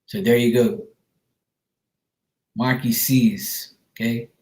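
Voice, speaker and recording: A psychic medium gives a viewer a reading, speaking casually and reassuringly and calling her sweetheart. His voice is a man's ordinary pitch, darkish in tone, with fairly even intonation and a slow pace. The room around him is echoey.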